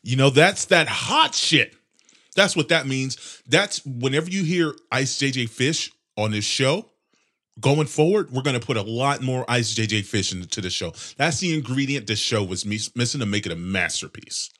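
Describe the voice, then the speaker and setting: Young male podcast host, congested nose, sarcastic profane rambling, lively pitch. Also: normal speed. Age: 20s. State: congested nose, clearing throat. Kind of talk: casual solo podcast rant.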